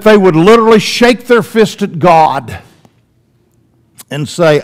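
A man preaching a sermon in church, swinging between loud emphatic lines and hushed, drawn-out ones. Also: sits high, lively intonation.

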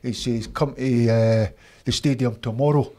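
An older man with a Scottish accent, telling animated stories from his football career as an interview guest. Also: medium pitch, a little slow. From Scotland. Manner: animated anecdotes, acts out voices of others. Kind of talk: casual storytelling.

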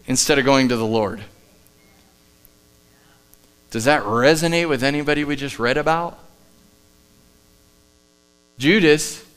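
Emphatic male pastor preaching, smooth voice. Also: on the high side. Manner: emphatic preaching, often dropping to soft asides. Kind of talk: sermon. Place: church sanctuary, live service.

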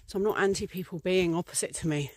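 A woman's voice: on the low side, fast talker, darkish tone, no room sound. A woman from England talking casually to camera as a vlogger, chatty and rambling, with many fillers and small acted-out scenes. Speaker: priestess and vlogger.

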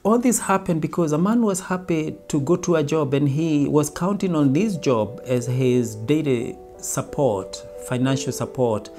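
A man's voice: a little high, a little slow, hardly any pauses, warm tone, soft background music. A man giving a motivational talk, telling it as a story and briefly acting out everyday lines. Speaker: self-help speaker. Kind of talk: motivational monologue.

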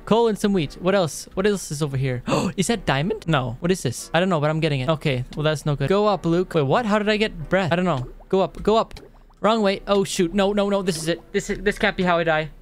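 A man giving casual gameplay commentary, excitable, talking to himself and his viewers, gasping and groaning as he plays. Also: high-pitched, brisk. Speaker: Minecraft let's player.

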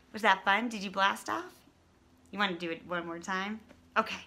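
A woman's voice: mid-range voice, noisy background. A woman leading a toddler story time, reading an interactive book aloud and singing simple songs while coaxing the children to join in. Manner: bright, slow and animated, singing and coaxing small children. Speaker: children's librarian.

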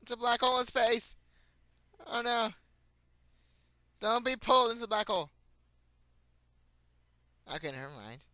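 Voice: medium pitch, animated, normal speed, long pauses, pushed and bright, no room sound. A playful gamer giving casual commentary and chatting goofily with characters in the game. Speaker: gameplay commentator.

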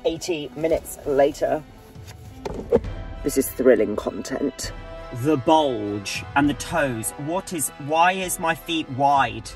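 A man's voice: fairly high pitch, animated, takes it slowly, pauses often, a little mellow, soft background music. A young man vlogging in a camp, sarcastic, jokey way. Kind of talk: casual comedic vlog.

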